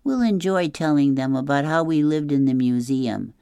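A woman's voice: sits low, animated, moderate pace, warm tone, clear, resonant tone, no echo, studio quality, voice pushed up. A woman voicing a practical young boy with a matter-of-fact, teasing way of talking.

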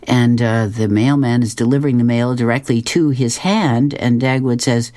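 A woman's voice: rumbling low, moderate pace, hardly any pauses, warm tone. A woman radio host reading comic strips aloud, chuckling as she goes.

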